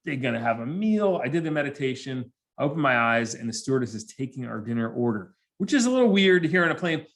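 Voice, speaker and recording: A male motivational speaker working a student audience with funny anecdotes. He tells his stories with energy and slips into voices for the characters. His voice sits at an ordinary middle pitch. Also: fast talker, hardly any pauses. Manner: animated storyteller who acts out characters. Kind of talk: humorous presentation to students.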